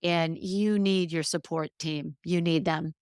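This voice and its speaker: A woman's voice: on the low side, fairly even intonation, a little slow, darkish tone, clean tone, no echo, studio quality. A middle-aged woman hosting a solo podcast, talking earnestly and emphatically about careers. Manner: earnest and emphatic, emotional at times. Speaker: podcast host.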